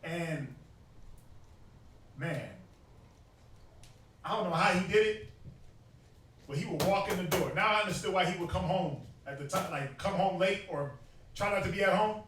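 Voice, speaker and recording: A young man street teaching to a group, animated and joking, often mimicking people. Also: high voice, moderate pace, pauses often, slight background noise. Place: outdoors in a city. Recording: very echoey, distant from mic.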